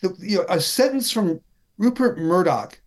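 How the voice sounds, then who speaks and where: A man talking politics in a relaxed chat, with a voice that sits a little high. He is wry and indignant and often restarts his sentences. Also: normal speed. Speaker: political commentator.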